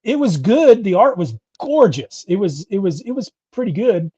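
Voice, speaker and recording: A middle-aged podcast co-host chats casually, rambling, correcting himself and often restarting sentences. His voice is high-pitched, husky, dark-toned and very animated at normal speed, with no room sound on dull lo-fi audio.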